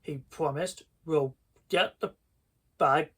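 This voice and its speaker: A man's voice: fairly high pitch, takes it slowly, a bit bright, breathy edge, full character voice. A man voicing a preteen girl who brushes off her friends in a matter-of-fact way, read aloud from a storybook.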